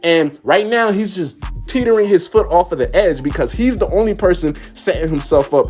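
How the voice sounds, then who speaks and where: Slangy, animated man with a higher voice. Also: normal speed. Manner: slangy, animated, talks straight to chat. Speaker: manga spoiler commentator. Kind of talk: casual reaction commentary. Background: faint background music.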